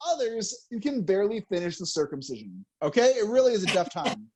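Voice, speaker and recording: A young man performing a stand-up comedy set, loud and chuckling at his own jokes. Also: sits high, big pitch swings, moderate pace, a crowd in the background. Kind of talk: stand-up routine.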